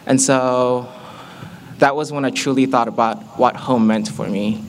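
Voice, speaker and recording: Speaking a little slowly in a medium pitch, a young Malaysian man with an American accent recounts his personal story frankly and with self-mockery, growing animated as he quotes himself. A little hiss or hum sits under the audio.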